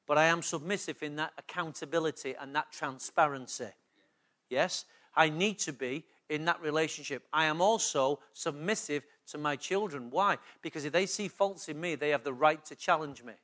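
Male pastor, sermon in church, rhetorical questions, slightly high voice, bright forceful tone. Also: normal speed. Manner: preaching with frequent rhetorical questions to the congregation.

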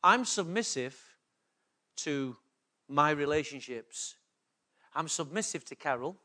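A man's voice: a little high, lively intonation, slow, pushed and bright. A man preaching a sermon as pastor, often putting rhetorical questions to the congregation.

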